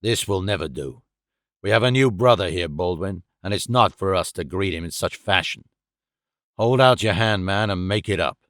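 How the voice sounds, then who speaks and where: A hulking, menacing boss of a criminal lodge, speaking low and gruff with a rough edge, as a male narrator puts him on. The voice sits below the reader's own, heavy and domineering. It is recorded dry and close. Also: moderate pace, a bit bright, no room sound.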